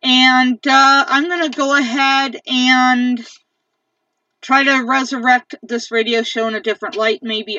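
A woman's voice: fairly high pitch, pushed and bright, no echo. A woman venting in an angry monologue, repeating herself and swearing for emphasis. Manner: angry, repetitive ranting; profane, emphatic. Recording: dull lo-fi sound from a distance.

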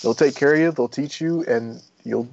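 A man, a former Marine turned firefighter, speaking in a casual interview, rambling and profane, and he gets animated when he retells stories. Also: medium pitch, moderate pace, creaky, dull audio.

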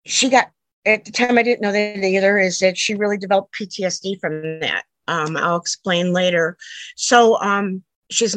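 A woman's voice: medium pitch, normal speed, no room sound, poor audio. A middle-aged woman, a mother, telling a long personal story in an earnest, rambling way that jumps back and forth in time. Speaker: interviewee, a mother telling her daughter's story.

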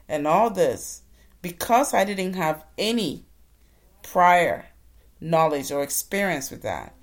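A woman for whom English is a second language, telling her own story slowly and deliberately, pausing between phrases. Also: deep voice. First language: not English. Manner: slow and deliberate, with pauses. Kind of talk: reflective personal storytelling.

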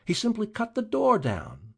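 A man doing a rasping grim deputy. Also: high voice, wildly swooping pitch, a little slow, pitched above the performer's own voice, full character voice. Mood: accusing. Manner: accusing, relentless questioning. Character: grim rasping middle-aged male deputy.

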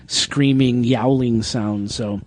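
A man's voice: mid-range voice, steady tone, slow, darkish tone, dry recording. A man hosting a casual group podcast, telling a travel story and acting out the people he met. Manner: storytelling, acts out quoted people. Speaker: podcast host.

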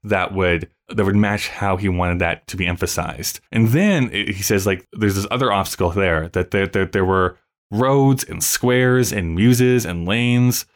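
A man's voice: low-pitched, moderate pace, hardly any pauses, fairly bright tone. A man hosting a casual podcast chat, explaining things eagerly. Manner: enthusiastic, explanatory. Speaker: podcast host.

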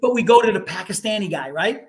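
A man's voice: high-pitched, expressive, fast, background noise. A middle-aged man, a retired fire lieutenant telling stories in casual, profane chat and acting out the voices.

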